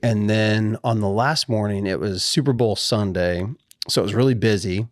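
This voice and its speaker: Laid-back low-voiced male co-host. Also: steady tone, normal speed, no echo, clean studio sound. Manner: easygoing, laid-back anecdote telling. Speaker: podcast co-host. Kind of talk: casual chat.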